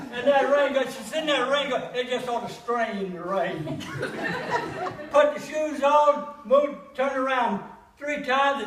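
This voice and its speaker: A man's voice: extremely high pitch, background noise. An older man telling a comic monologue of army jokes in a folksy style, laughing at his own punchlines. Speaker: comedian. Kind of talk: comic monologue at a church gathering. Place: church hall. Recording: echoey hall from far off.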